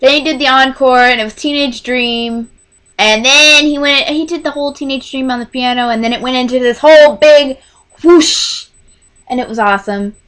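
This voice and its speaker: A woman in her twenties telling a rambling, excitable storytime to camera in casual chat. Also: high-pitched, a little fast. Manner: rambling, excitable, gushing fan. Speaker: vlogger.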